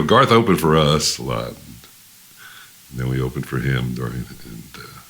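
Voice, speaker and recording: A man's voice: very deep voice, a bit bright. An older man, a musician guest, telling rambling stories in a casual interview, with many fillers and restarts.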